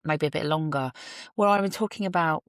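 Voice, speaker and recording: Sitting in a parked car, a podcast host records a reflective solo monologue on her phone. Her low voice moves briskly, and the recording sounds dry and studio-clean. She muses earnestly about her thoughts, slipping in self-deprecating remarks.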